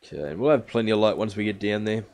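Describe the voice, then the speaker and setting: A man's voice: fairly low pitch, racing, darkish tone. A man streaming a survival game live, casually explaining each step to his viewers. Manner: chatty, explains steps to viewers.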